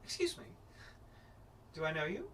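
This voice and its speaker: A man's voice: on the high side, huge pitch swings, moderate pace, pushed and bright, a little hiss or hum, pitched above the performer's own voice, exaggerated voice. A man voicing a haughty young noblewoman who speaks in a formal, aloof way. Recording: distant mic, background music.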